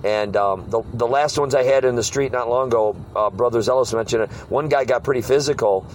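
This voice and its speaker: A man's voice: mid-range voice, a little fast, a little hiss or hum, rough recording. A man, a street preacher, leads a casual group talk and tells stories, often acting out the hecklers he meets. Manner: animated storyteller, mimics hecklers. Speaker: street preacher leading a discussion.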